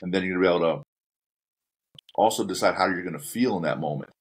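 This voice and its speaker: A man's voice: sits low, quick pace, slightly rough. A middle-aged man hosting a podcast, talking casually in a direct, coach-like way and laying out steps plainly. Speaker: podcast host.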